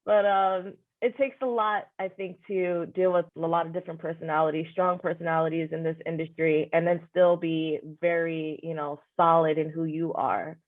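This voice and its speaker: A woman's voice: low-pitched, steady tone, moderate pace, few pauses. A woman hosting a podcast interview, reflective and affirming, often saying "you know". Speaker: podcast host. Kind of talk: conversational interview. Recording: phone-like narrow sound.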